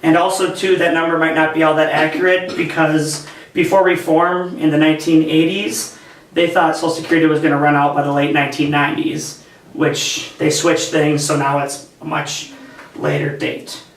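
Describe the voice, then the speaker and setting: Young man, student presenter, flat and hesitant, distant echoey room recording. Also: a little high, normal speed. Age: young adult. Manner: flat, hesitant delivery with many fillers. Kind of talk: class presentation. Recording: echoey room, far from the mic, faint noise.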